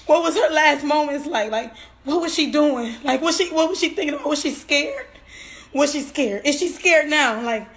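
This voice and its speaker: High-voiced woman, tearful and halting. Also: a bit bright. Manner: halting, repeats phrases, trailing off. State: tearful, on the verge of crying. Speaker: bereaved mother. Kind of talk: emotional personal testimony.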